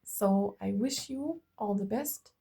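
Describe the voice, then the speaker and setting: Slow, gravelly German-accented woman. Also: medium pitch. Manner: gushing, affectionate, repeats herself excitedly; laughs often while talking. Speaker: tarot and oracle card reader. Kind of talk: card-reading vlog addressed to viewers.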